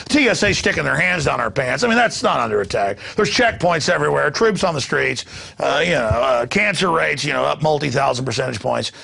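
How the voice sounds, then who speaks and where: Brief: fiery male talk show host, gravelly and husky, sarcastic ranting delivery. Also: mid-range voice, lively intonation, a little fast, pushed and bright. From United States. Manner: ranting, sarcastic, mocking asides. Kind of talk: talk radio rant.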